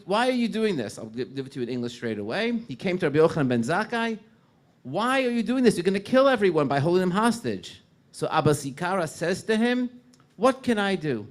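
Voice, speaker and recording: Man, rabbi, sermon, storytelling, louder when quoting. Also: fairly high pitch. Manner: storytelling, rising loud when quoting figures.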